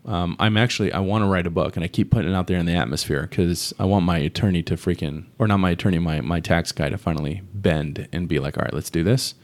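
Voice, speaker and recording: A man with a very low, deep voice, chatting as a podcast guest. He sounds loose and slangy, tossing in dude and bro as he explains things. It is a casual, easygoing conversation. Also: fast talker, few pauses. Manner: laid-back and slangy, says dude and bro. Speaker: guest, real estate investor.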